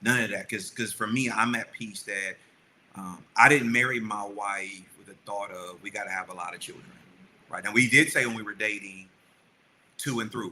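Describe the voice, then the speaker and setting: A man co-hosting a podcast, telling a family story in a lively, animated way and acting out the quotes. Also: fairly low pitch, a little hiss or hum, poor audio. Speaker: podcast co-host. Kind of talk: storytelling chat.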